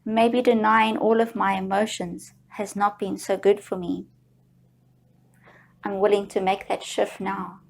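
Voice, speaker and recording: A woman guiding viewers through a slow, soothing tapping session, leading them in repeated affirmations. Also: mid-range voice, flat delivery, gravelly. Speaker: EFT tapping guide.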